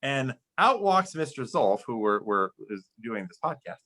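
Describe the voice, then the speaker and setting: A man's voice: medium pitch, big pitch swings, a little slow, sharp tone, low-quality recording. A young man chatting as a podcast guest, rambling with many fillers and restarts. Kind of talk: casual chat.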